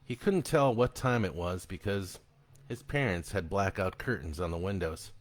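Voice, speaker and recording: A man giving a live reading of his own horror story in an expressive, dramatic storytelling manner. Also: deep voice, moderate pace.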